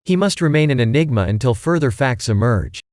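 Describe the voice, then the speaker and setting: Man reading as a formal, precise teen boy sleuth in a storybook; lively, dry delivery. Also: mid-range voice, fairly quick, no room sound, natural voice. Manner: precise, stiff, formal wording. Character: formal, bookish teenage boy detective.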